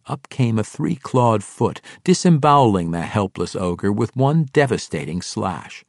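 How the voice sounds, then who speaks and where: Low-voiced man narrating dramatically. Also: very animated, measured pace, gravelly, no room sound, studio quality. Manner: dramatic, vivid storytelling. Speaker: audiobook narrator. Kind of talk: scripted fantasy narration.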